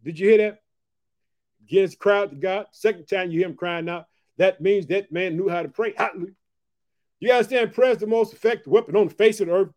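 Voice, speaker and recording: A man giving a casual late-night Bible teaching. He preaches with fervor, keeps asking his listeners whether they heard, and reads the scripture verses slowly and deliberately. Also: sits high, a little mellow.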